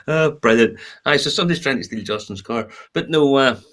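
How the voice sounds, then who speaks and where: A man's voice: medium pitch, fairly bright tone. A man chatting casually as a podcast co-host, telling stories with plenty of laughs and swearing. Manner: laughing storyteller, swears freely. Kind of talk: casual chat.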